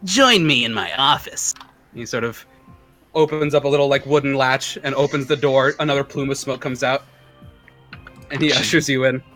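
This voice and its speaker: A man's voice: mid-range voice, little pitch movement, fairly quick, a bit bright, faint music behind. A man narrating as game master in a tabletop game, with loose, filler-heavy description.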